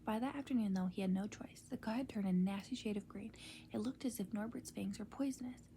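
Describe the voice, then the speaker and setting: A woman reading a storybook aloud in a soft, unvoiced ASMR whisper. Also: mid-range voice, a little fast, slight background noise.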